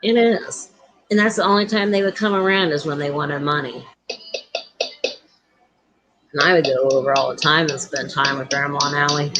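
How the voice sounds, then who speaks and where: A woman's voice: low-pitched, moderate pace, pauses often, soft background music, rough recording. A woman hosting a casual chat, telling family stories and acting out the voices of the people in them. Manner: animated, acts out quoted voices. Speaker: host.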